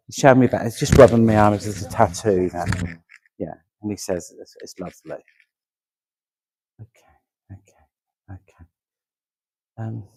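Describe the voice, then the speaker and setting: A man's voice: lowish voice, husky, no echo. A man giving a mediumship reading at a service, chatty and laughing easily as he keeps checking he is understood.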